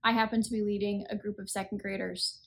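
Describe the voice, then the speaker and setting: A woman in her thirties, worn out after a long week, gives an earnest, unscripted reflection for her faith podcast. She speaks plainly and conversationally, at a medium pitch, and pokes gentle fun at her own weariness. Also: level tone, fast talker, gravelly. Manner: earnest, conversational, self-deprecating. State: tired. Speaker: podcast host.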